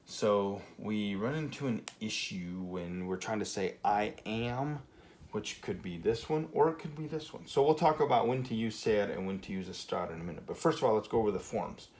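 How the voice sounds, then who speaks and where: A man teaching a Spanish grammar lesson at a whiteboard, relaxed and full of fillers, checking in with "okay" often. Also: lowish voice, normal speed. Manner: relaxed, many fillers and okays.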